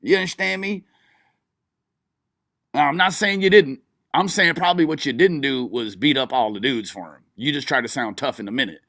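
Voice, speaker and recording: A man's voice: medium pitch, moderate pace, a bit bright, no echo, studio quality. Mocking, swearing male streamer. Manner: mocking, swearing, frequent laughing. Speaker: streamer reacting to a live video. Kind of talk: profane reaction commentary.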